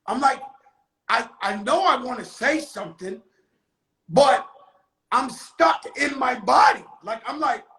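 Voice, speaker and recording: A man hosting his own live stream, telling a story in a casual, animated and profane way, with sudden shouted bursts. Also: very high voice, unhurried, pauses often, echoey room, low-quality recording. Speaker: livestream host telling a story. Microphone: phone on a live stream.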